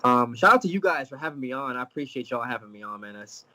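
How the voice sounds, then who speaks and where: A young man from Jamaica, a fighter on a live video-call interview, telling stories in a laughing, animated way. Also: medium pitch, fast. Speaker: UFC fighter guest. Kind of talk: casual live interview chat.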